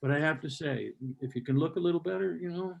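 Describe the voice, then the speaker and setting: A man's voice: a little high, quick pace, creaky. Grumpy older man doing stand-up. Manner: grumpy, sardonic, mock-hostile rants. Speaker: stand-up comedian. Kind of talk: stand-up comedy set. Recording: live comedy club with audience.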